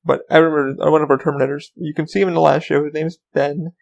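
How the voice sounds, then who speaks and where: A man hosting his own solo podcast rambles casually, swearing and saying um a lot. His fairly high, gravelly voice moves quickly with a level tone, and the audio sounds dull.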